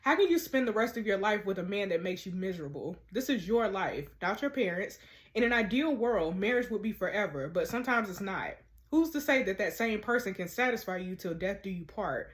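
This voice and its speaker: A woman voicing a frank, supportive woman friend, reading game dialogue aloud in a soft, low, subdued way. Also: lively intonation, a little fast, close to an everyday voice. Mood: earnest.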